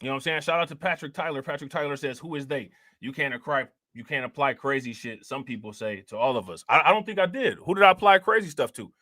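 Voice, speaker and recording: A man's voice: mid-range voice, fast talker, hardly any pauses, sharp tone, no echo, studio quality. A man hosting a casual livestream, talking loosely in slang and saying "you know what I'm saying" over and over. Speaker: livestream host.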